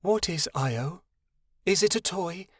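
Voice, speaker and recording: A man voicing a gentle, protective female shapeshifter who looks after the children, speaking softly and motherly. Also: high-pitched, expressive, slow, no room sound, clean studio sound, voice pushed up, full character voice. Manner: soft, motherly.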